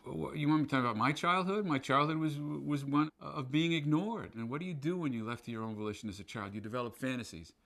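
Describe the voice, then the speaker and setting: A man's voice: mid-range voice, quick pace, creaky, few pauses, fairly bright tone. A male actor telling stories in an interview, with an intense, emphatic manner. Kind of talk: interview recollection.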